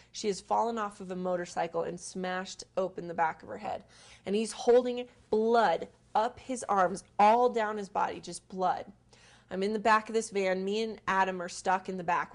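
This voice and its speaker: A woman who works as a humanitarian aid volunteer, candidly retelling her experiences with vivid, urgent emphasis. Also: mid-range voice. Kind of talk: candid personal storytelling.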